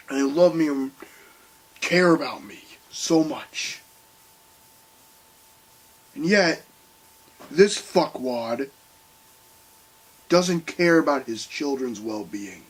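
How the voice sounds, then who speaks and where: A young man ranting heatedly to camera, swearing often and swinging between loud outbursts and quiet bitterness. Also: on the high side, animated, takes it slowly, pauses often, slightly rough, rough recording. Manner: heated, swearing, voice rising and falling sharply. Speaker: video commentator. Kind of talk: angry rant to camera.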